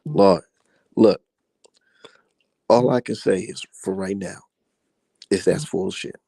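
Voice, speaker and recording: A young man rants loosely about boxing in a casual commentary monologue, slow-paced, with a gravelly rasp and a dark tone. He swears freely and his pitch climbs high when he's riled. The recording is dry and close, with no room sound or echo.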